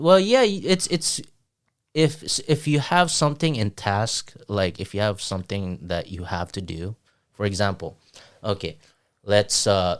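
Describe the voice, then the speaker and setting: A man co-hosting a podcast in casual chat. He talks haltingly, often stumbling and restarting mid-sentence, swears casually, and laughs a lot. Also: deep voice. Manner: laughs often while talking. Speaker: podcast co-host.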